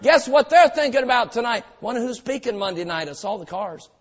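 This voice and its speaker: A man preaching a sermon as pastor, telling stories and swinging from quiet asides to loud shouted lines. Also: extremely high pitch, animated, brisk. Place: church auditorium. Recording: dull sound with long hall reverb.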